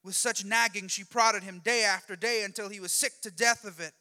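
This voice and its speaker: A lively preacher with a high, bright, forceful voice, telling a story in a conversational, jokey way. His words ring out with a long hall reverb behind them. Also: brisk. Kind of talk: sermon storytelling.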